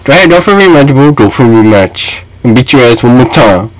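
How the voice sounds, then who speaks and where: Excitable young man trash-talking a game. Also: medium pitch, quick pace. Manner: excitable trash talk, sudden yelps. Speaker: gaming channel host. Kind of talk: casual gaming commentary.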